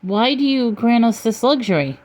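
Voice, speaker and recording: A woman's voice: on the high side, animated, normal speed, darkish tone, voice pushed up, close to an everyday voice. An earnest, wide-eyed child voiced by a woman in a comic storybook reading. The voice is lifted well above her own and sounds sincere. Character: young ragged child in a wasteland, earnest.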